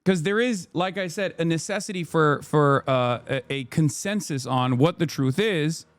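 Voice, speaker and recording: A man in his thirties hosting a live stream, reacting to news with fast, heated rants and rhetorical questions. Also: on the high side, no room sound.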